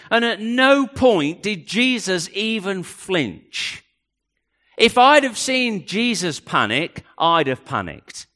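A middle-aged man preaching a sermon, swinging from loud questions down to near hushes. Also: sits high. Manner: dramatic, rising and dropping to near hush. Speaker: pastor.

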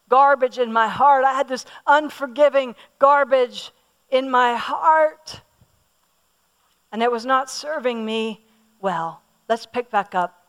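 Woman preacher, high pitch, personal and emphatic sermon delivery. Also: fairly bright tone, clear, resonant tone. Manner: personal, emphatic, asks the audience questions; repeats words for emphasis.

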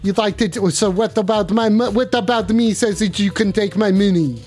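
Man doing a French call-in host, put-on French accent, very high voice, theatrical and needy. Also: normal speed, a little mellow, faint music behind, lightly acted. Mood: dramatic. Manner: theatrical, overwrought and needy, pleading. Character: flamboyant French man hosting a late-night call-in show.

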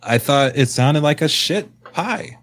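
A man's voice: on the high side, animated, unhurried, fairly bright tone, slight background noise. Blunt, trash-talking young podcast guy. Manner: blunt, swears, trash-talks. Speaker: podcast co-host. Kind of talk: crude casual banter.

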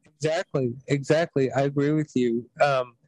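A man's voice: mid-range voice, steady tone, normal speed, darkish tone, dry recording, poor audio. A man hosting a podcast, telling stories in casual chat with blunt, profane language. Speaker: podcast host.

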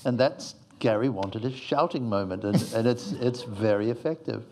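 A man's voice: on the low side, normal speed, a little mellow, a little hiss or hum. A male screenwriter giving reflective, meandering interview answers, fond of analogies.

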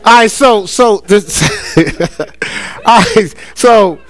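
A middle-aged man preaching a sermon, lively and conversational, often acting out playful voices. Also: high voice, extremely slow. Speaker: pastor.

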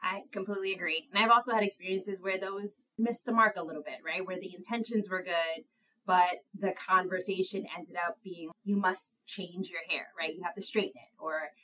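A young woman speaking as an interview guest. Her voice sits a little low for a woman, though she calls it high, and she tells her stories in a lively, self-mocking way, laughing along. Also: a little fast, rough recording. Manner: animated storyteller, laughs at herself, high light voice. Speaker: guest, attorney. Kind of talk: conversational interview.

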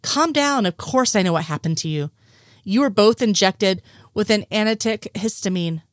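A woman reading the lines of a nervous, innocent man, a little higher than her narration. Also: animated, normal speed, no echo, clean studio sound, lightly acted. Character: nervous, well-meaning male conspiracy nerd.

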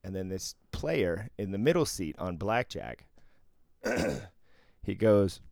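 Man, podcast co-host, low voice, lively pitch swings, dry close mic, swears freely. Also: slow pace, gravelly, dry recording. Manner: animated storytelling, swears freely. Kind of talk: casual chat.

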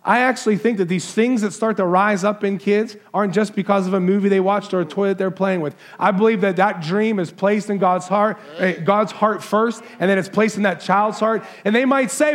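A man's voice: high-pitched, fairly quick, few pauses. A man preaching a Christmas sermon, talking with the children in the congregation and asking them questions. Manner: warm, conversational preaching, walks into the crowd asking kids questions. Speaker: pastor.

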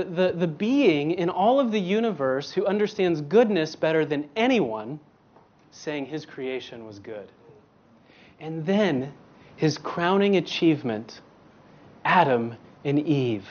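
Slow, emphatic man preaching a sermon. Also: sits high, muffled recording. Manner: emphatic, with rhetorical questions and repeated words. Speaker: guest preacher.

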